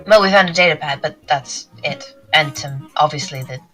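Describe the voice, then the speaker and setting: A woman's voice: sits low, normal speed, pushed and bright, faint music behind, rough recording. A woman playing in a tabletop role-playing game, easygoing and matter-of-fact. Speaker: player. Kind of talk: casual chat at a game table.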